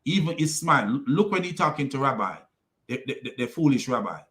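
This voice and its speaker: A man's voice: mid-range voice, lively intonation, quick pace, fairly bright tone. A man hosting a ranting video commentary, mocking and repeating himself, often breaking into laughter. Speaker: commentary channel host.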